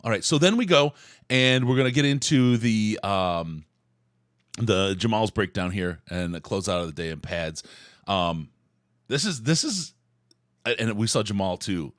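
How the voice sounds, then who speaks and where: A man's voice: on the low side, expressive, unhurried, fairly bright tone, no room sound, clean studio sound. A man hosting a sports podcast, chatting casually and rambling through his points. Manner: conversational, rambling with restarts. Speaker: podcast host.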